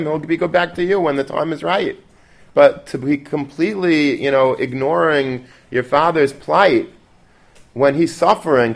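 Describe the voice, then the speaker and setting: A man's voice: mid-range voice, creaky. Man teaching a casual Torah class. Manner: conversational, peppered with Yiddish and Hebrew terms, many restarts.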